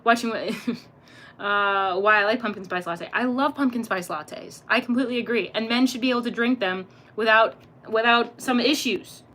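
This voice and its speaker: A woman's voice: a little high, normal speed, sharp tone. Chatty, swearing young woman streamer. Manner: swears freely, laughs often, chatty and playful. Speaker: livestream host reading chat. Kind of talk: casual livestream chat.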